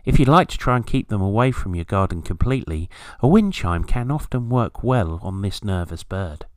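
A man's voice: on the low side, animated, moderate pace, no echo. A man from Britain hosting a scripted garden-bird podcast, with a wry, storytelling manner and playful asides. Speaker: podcast host. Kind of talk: scripted nature podcast narration.

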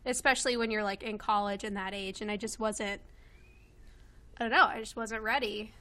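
Bright-voiced chatty woman in her twenties. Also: mid-range voice, fairly even intonation, moderate pace. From Kentucky. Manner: chatty, many fillers and laughs. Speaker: guest. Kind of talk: casual chat. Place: home with a loud pet bird.

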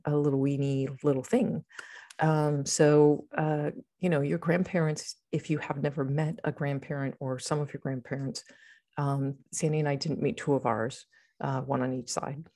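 Low-pitched middle-aged woman rambling on a podcast, lots of ums and uhs. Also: mellow. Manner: rambling, many fillers and restarts. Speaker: psychic podcast co-host. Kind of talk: casual chat.

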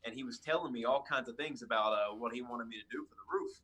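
A man's voice: medium pitch, quick pace, breathy edge. A man, a youth minister, casually telling a story with lots of fillers and restarts. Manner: chatty, animated retelling with fillers and restarts.

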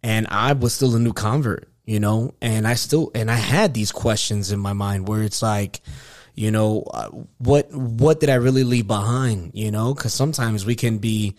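A man's voice: fairly low pitch, normal speed, darkish tone. A man from Queens, New York, telling his story in an earnest, reflective way in casual conversation.

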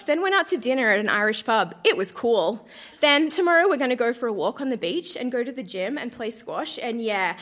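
High, animated woman reading her old diary. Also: slight background noise. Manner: melodramatic, laughing through the reading. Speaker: reader of her childhood diary. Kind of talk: live reading to a theatre audience. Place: theatre stage.

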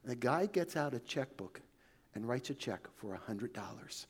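A man preaching a sermon, telling a story in a conversational way that often sinks to a soft hush. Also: medium pitch, animated, moderate pace, slightly rough.

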